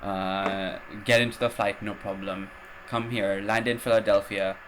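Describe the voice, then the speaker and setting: A man's voice: on the low side, level tone, unhurried, background noise. A man hosting a podcast, telling a travel story in a rambling, casual way, swearing and using lots of fillers. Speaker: podcast host.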